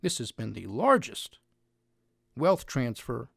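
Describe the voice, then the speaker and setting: A man's voice: medium pitch, sing-song, slow, gravelly, a bit bright, slightly rough, no room sound, clean studio sound. A man giving an opinionated monologue on finance news, sarcastic and mocking, with heavy emphasis.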